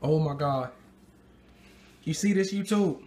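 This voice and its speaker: Excitable high-voiced man unboxing sneakers. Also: takes it slowly, noisy background. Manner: excitable, slangy, keeps addressing viewers. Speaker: sneaker vlogger.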